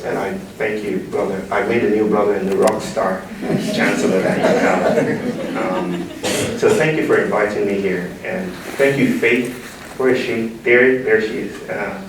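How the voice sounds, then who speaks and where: The keynote speaker, a man from Nigeria, has a fairly low voice and keeps his public talk playful, trading call-and-response with the audience in a large room. A distant mic picks him up in an echoey hall, with slight background noise.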